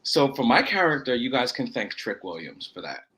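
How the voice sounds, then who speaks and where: A man from Florida, a wrestler guesting on a podcast, telling a rambling story full of quoted self-talk and quick asides. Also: medium pitch, sing-song, a bit bright, a little hiss or hum, low-quality recording. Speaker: indie pro wrestler guest. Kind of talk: casual podcast chat.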